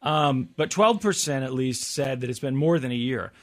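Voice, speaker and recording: A podcast host with a mid-range, fairly bright voice hosts a casual chat, animated and at a moderate pace. He reads out survey figures and adds wry comments.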